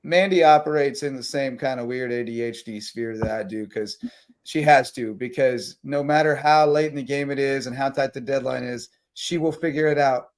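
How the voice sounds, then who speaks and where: A man hosting a late-night sports talk stream, rambling through game recaps and sponsor shout-outs. His voice is mid-pitched and casual, tired but still running on adrenaline. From South Carolina Lowcountry. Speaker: sports talk show host.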